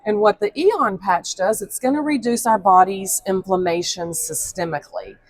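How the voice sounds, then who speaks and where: Woman, company rep, mid-pitch voice, upbeat and explanatory. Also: normal speed, no room sound. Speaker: company representative. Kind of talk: product pitch interview.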